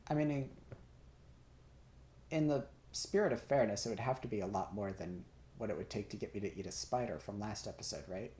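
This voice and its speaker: A man's voice: lowish voice, a little fast, a little mellow. A tipsy young man hosting a game video, rambling and joking through questions and swearing casually. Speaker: gaming host. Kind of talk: casual Q&A while playing a game. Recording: keyboard and mouse clicks behind.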